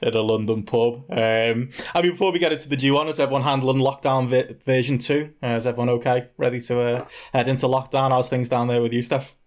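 A man's voice: medium pitch, steady tone, fast, hardly any pauses. A man hosting a casual podcast chat, laughing often and steering the conversation along. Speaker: podcast host.

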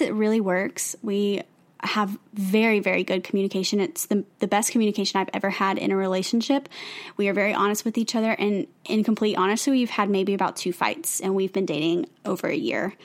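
Podcast co-host: woman, earnest, chatty, filler-heavy, mid-pitched. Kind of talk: casual chat.

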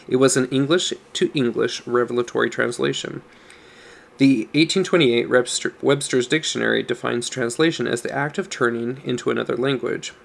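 A man reading a nonfiction book on scripture aloud, measured and explanatory, leaning on stressed words to show meaning. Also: medium pitch, creaky. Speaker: audiobook narrator.

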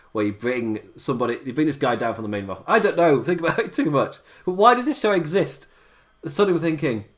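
A man's voice: mid-range voice, a bit bright. A young man hosting a podcast, rambling casually and thinking aloud, with frequent short laughs. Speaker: podcast host.

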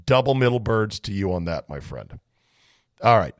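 A man's voice: lowish voice, sing-song, normal speed, no echo, studio quality. Sarcastic rambling male podcast host. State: voice a bit off. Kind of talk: casual solo chat reading a listener email.

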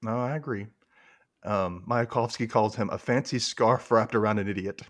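A podcast co-host with a lowish voice, talking at normal speed, casually recaps a TV episode and performs the characters' lines in put-on voices.

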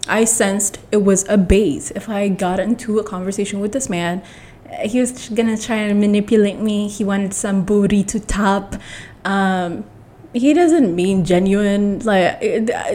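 Blunt, rambling young woman vlogger. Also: medium pitch. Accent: mixed. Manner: rambling, blunt, animated storytelling with restarts. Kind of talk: casual storytime to camera.

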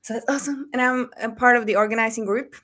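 A woman's voice: on the high side, fairly even intonation, fast talker, a bit bright. A woman from Norway, hosting a podcast in casual chat, rambling and laughing often. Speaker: podcast host.

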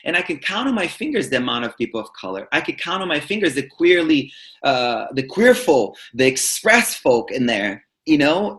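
Brief: expressive male guest, spiritual teacher, chatty storyteller who often trips over and repeats his words, medium-pitched voice. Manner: animated and expressive, with frequent stutter-like restarts. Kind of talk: storytelling in a podcast interview.

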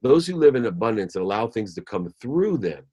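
Male guest, very low-pitched, motivational speaker who stacks phrases for emphasis. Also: very animated, brisk, dark tone, breathy edge. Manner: emphatic, lists ideas in rhythmic phrases; acts out voices when telling a story. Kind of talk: motivational talk.

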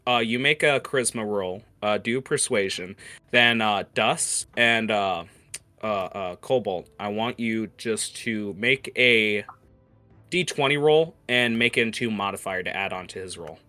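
A man's voice: fairly low pitch, unhurried, pushed and bright, dry recording, soft background music. A man narrating as game master of a tabletop game, hesitant with many fillers.

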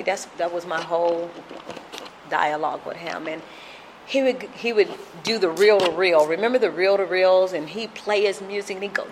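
A woman in her fifties from Compton giving an emotional, halting recovery testimony, often repeating herself. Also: lowish voice, slight background noise. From Compton, California. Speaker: speaker sharing at a recovery fellowship.

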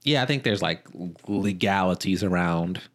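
A man co-hosting a casual chat show, trading dry, deadpan jokes. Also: low voice, normal speed. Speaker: podcast co-host.

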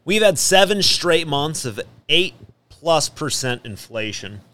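Homme animateur, blagueur, voix nette et posée, ton badin. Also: male voice, fairly high pitch, sing-song, a little slow, bright, forceful tone. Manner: jokey, reads aloud with a hammy mock German lilt. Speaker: podcast host. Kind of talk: casual radio banter.

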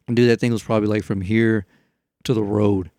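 A man's voice: lowish voice, fairly quick, dry recording, studio quality. Rambling, profane storyteller man. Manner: rambling, profane, animated retelling with many fillers. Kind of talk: casual storytelling chat.

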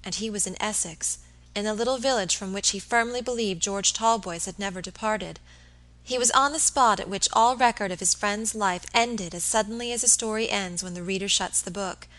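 A woman narrating a classic novel as an audiobook in a measured, expressive reading. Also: medium pitch, rough recording.

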